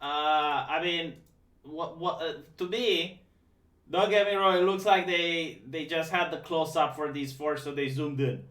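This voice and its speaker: A man's voice: a little high, a little slow, fairly bright tone. A man hosting a live stream, talking casually in a sarcastic, mocking way with many stammered restarts. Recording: echoey room, distant mic.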